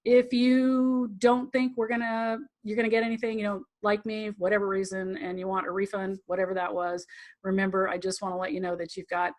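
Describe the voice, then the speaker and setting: A woman's voice: mid-range voice, level tone, a little fast, darkish tone. A woman teaching a tantra class, talking in a chatty, rambling way, acting out quotes and laughing often. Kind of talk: live online class teaching.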